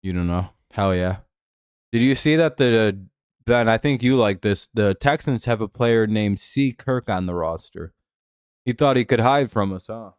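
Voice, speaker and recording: Watching a game on his live stream, a man delivers relaxed, deadpan play-by-play and talks with his viewers. His voice is lowish and clean, and he speaks a little slowly. There's no room sound.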